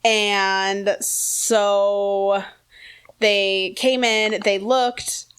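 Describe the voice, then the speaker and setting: A woman in her thirties, podcast co-host, telling a story in a casual, animated way and laughing often. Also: mid-range voice, extremely slow, clean tone. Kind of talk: casual chat.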